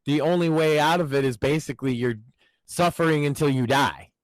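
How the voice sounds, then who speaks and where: A man's voice: on the high side, a little fast, no room sound, rough recording. A man filling in as podcast host, talking in a casual, profane, mocking way about politics.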